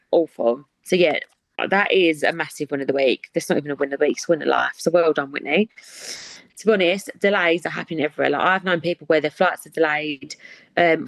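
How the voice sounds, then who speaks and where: A woman's voice: low-pitched, dry recording. A woman, hosting a podcast in casual chat, chatty and given to dramatic reactions. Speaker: podcast host.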